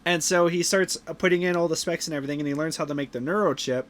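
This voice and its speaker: A man's voice: on the high side, fast, a bit bright. A man hosting a podcast, casually retelling a movie plot with lots of fillers and restarts. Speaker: podcast host. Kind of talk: casual movie review chat.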